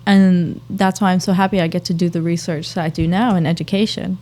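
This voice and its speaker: A woman in her twenties from the Boston area, a podcast guest talking casually and softly, with lots of fillers like "um" and "like". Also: lowish voice, brisk, slight background noise. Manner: soft-spoken, relaxed, lots of "like" and "um". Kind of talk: casual interview chat.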